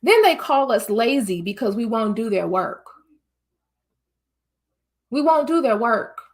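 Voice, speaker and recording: A woman's voice: on the high side, sing-song, measured pace. A woman from the United States hosting a vlog, giving a casual opinion monologue straight to her viewers in an emphatic, preachy way. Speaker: vlog host.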